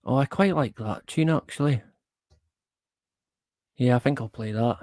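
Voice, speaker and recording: A man's voice: mid-range voice, unhurried, a little mellow, no room sound, studio quality. Laid-back man hosting a livestream. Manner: laid-back, rambling, chuckles often, swears casually. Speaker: livestream host. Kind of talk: casual livestream chat.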